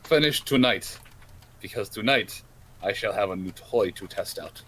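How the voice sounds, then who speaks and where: A man doing a big, oafish stallion inventor with a thick put-on Russian accent, fairly low in pitch. He blusters and insists on his innocence, speaking of himself in the third person. A faint hiss runs under the tabletop game recording. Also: lively intonation, moderate pace, fairly bright tone. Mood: blustering. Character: gruff Russian-accented male stallion tinkerer, big oaf.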